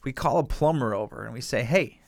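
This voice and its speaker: A man co-hosting a podcast, telling stories in a casual, profane and animated way. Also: mid-range voice, brisk, creaky, no room sound. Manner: profane, animated storytelling with frequent laughs. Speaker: podcast co-host.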